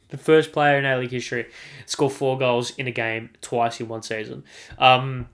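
An Australian man holds forth alone on his podcast, hammering his points home by saying them again and again. He talks at a middling pitch and swears without a second thought. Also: steady tone, normal speed, fairly bright tone. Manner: emphatic, repeats himself, swears freely. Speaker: podcast host. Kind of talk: solo sports podcast rant.

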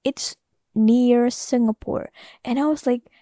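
A woman's voice: a little high, fairly even intonation, slow pace, warm tone, no echo, clean studio sound. A young woman from Indonesia, talking in a rambling, casual solo podcast monologue full of fillers and self-corrections. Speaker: podcast host.

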